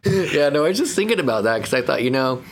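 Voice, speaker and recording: A man's voice: mid-range voice, very animated, quick pace. Guy cohost, playful and rambly, laughs mid-sentence, faint hiss in the background. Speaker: podcast co-host, counselor. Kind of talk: casual podcast chat.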